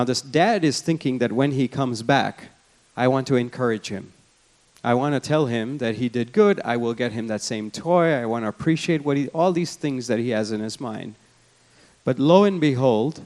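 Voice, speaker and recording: A man's voice: medium pitch, expressive, normal speed, a little mellow. Man giving a reflective keynote talk. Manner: storytelling, reflective, conversational. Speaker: keynote speaker. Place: lecture hall at a symposium.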